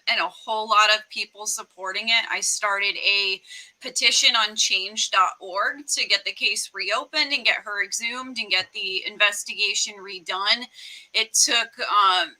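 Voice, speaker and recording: A woman's voice: mid-range voice, low-quality recording. A woman from Rhode Island answering podcast interview questions in an earnest, detailed way. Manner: earnest and detailed, steady explaining. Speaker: guest.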